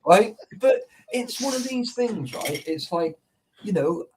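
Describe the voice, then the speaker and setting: A man's voice: high-pitched, lively intonation, slow pace, far from the mic, noisy background. A man in casual chat, rambling and swearing, forever checking that the listener follows. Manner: sweary, rambling, keeps asking "you know what I mean".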